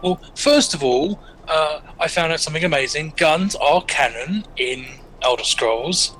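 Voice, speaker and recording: A man's voice: fairly high pitch, expressive, unhurried, fairly bright tone, slight background noise, low-quality recording. A man chatting casually on a voice call with his gaming group, rambling with plenty of fillers and restarts. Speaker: player in a group game stream.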